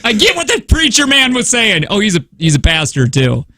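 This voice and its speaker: High, lively man telling a story. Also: brisk, dry recording, studio quality. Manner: animated storytelling, acting out his kids and neighbors in raised voices. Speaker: radio show co-host. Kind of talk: casual morning radio banter. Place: radio studio. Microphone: studio microphone.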